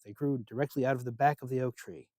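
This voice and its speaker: A man narrating a myth as a storyteller, expressive and unhurried. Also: medium pitch, no echo, clean studio sound.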